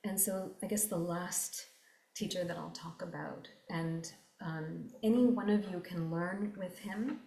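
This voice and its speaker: A woman speaks in a somewhat low voice, earnest and reflective as she explains meditation teachings. She repeats key phrases and slows down to stress them. Her voice carries a noticeable echo from the room around her. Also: vocal fry, mellow. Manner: earnest, repetitive, slows down for emphasis.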